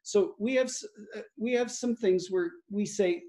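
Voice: medium pitch, normal speed, hardly any pauses, mellow. A pastor giving conversational Bible teaching and reading scripture aloud, with fillers and chuckles.

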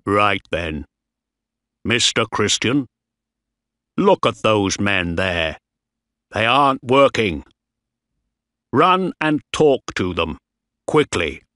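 A man voicing a strict, stern ship's captain who barks orders at his crew in a slow, dry storybook reading. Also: on the low side, big pitch swings, pushed and bright, no echo, heavily acted. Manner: barking orders.

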